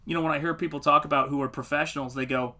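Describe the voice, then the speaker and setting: Man, middle-aged, bright tone, higher pitch, casual livestream talk, animated stories. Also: racing. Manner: animated storytelling, acts out quotes. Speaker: comic artist streamer.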